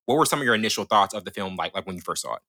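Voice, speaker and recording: A young man co-hosting a casual film-review podcast, talking quickly with lots of fillers and restarts. His voice is bright and forceful, and the dry, close sound leaves almost no room around him. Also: low-pitched, animated, no echo. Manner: fast, eager, many restarts and fillers. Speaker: podcast co-host.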